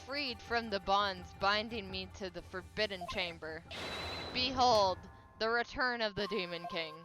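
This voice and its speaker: A woman voicing a mayor who claims to be a cawing male demon king, proclaiming slowly and grandly over game music. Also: close to an everyday voice, poor audio. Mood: booming, menacing. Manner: slow booming theatrical proclamations with crow cries. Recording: game music playing behind.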